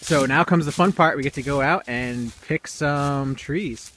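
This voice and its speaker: A man's voice: on the high side, unhurried, a bit bright, slight background noise. A young man casually explaining his outdoor building project on rural land, rambling a bit with fillers, recorded on a camera mic outdoors. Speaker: DIY video maker.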